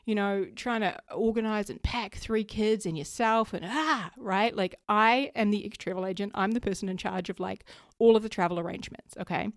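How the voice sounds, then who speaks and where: A woman, hosting her own podcast and telling a story in a lively way, acting out her worried thoughts. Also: mid-range voice, normal speed, no echo, clean studio sound. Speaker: podcast host. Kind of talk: casual solo podcast talk.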